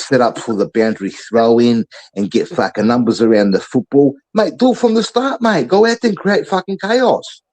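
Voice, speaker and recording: A man's voice: medium pitch, dark tone, slightly rough, low-quality recording. An Australian man on a podcast, ranting in a fired-up, profane way about how the team should play, like a coach giving orders. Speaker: podcast panelist. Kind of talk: heated sports chat.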